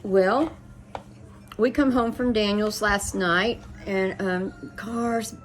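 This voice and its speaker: There's slight background noise as a middle-aged host with a mid-range voice talks at a slow pace. In her casual chat she spins a rambling story, chatty and full of restarts and quoted dialogue.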